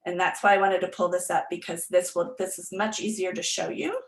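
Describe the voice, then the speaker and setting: A woman's voice: on the low side, fairly even intonation, brisk. A woman literacy tutor giving an online workshop presentation, explaining step by step with frequent ums and restarts. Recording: echoey room.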